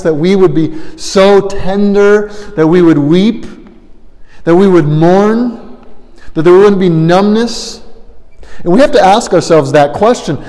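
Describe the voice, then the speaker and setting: Guy preaching, kinda high voice, earnest, swells up loud then goes quiet, long hall reverb. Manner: earnest, swells loud on emphatic lines then drops low. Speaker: pastor. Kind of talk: sermon.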